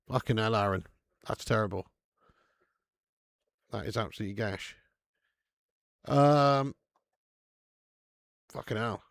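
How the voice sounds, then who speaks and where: On a dry recording, a man with a lowish voice hosts a live football watch-along. He keeps the stream chat casual, reading out what viewers send in, laughing a lot and swearing without restraint.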